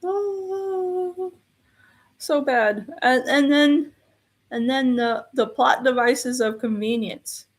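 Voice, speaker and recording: A woman's voice: sits high, slow. A woman giving an exasperated, ranting film review, repeating her complaints in a casual tone.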